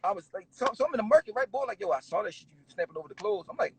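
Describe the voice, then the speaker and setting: A rapper recounts stories during a casual interview in an animated way, laughing and swearing as he goes. His high voice moves very fast, creaky with a breathy edge, in a low-quality recording.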